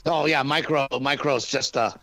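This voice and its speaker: A male stand-up comedian from Texas, chatting casually and joking in an interview, with quick restarts. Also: mid-range voice, creaky, bright, forceful tone, no echo.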